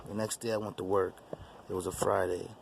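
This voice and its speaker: A man's voice: sits low, little pitch movement, brisk, creaky, a little hiss or hum. A man hosting his own channel, telling a personal testimony story in an emphatic, repetitive way. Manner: repetitive, emphatic, restarts phrases. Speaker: YouTube channel host.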